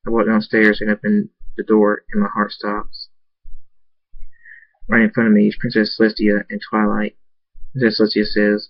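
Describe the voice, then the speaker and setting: A man's voice: lowish voice, monotone, normal speed, no echo, muffled recording. A man reading a fan story aloud, stumbling and restarting words often. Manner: hesitant reading with frequent restarts. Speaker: narrator.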